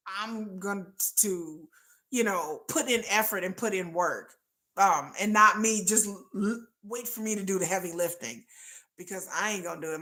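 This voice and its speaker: A middle-aged woman hosting a livestream, chatting casually and acting out quoted lines in a lowered voice. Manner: animated, acts out quotes in lowered voice. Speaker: livestream host. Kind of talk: casual storytelling chat.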